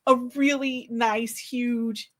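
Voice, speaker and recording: A woman in her forties, an author hosting her own book launch livestream, chatting casually in an excited, slightly flustered way. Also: a little high, drawn-out words.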